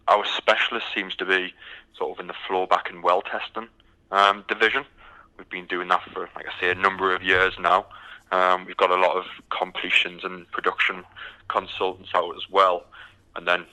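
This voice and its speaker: Low, bright-voiced British man. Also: low-quality recording. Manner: relaxed, many ums and restarts. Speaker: recruitment company guest. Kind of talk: casual interview answers.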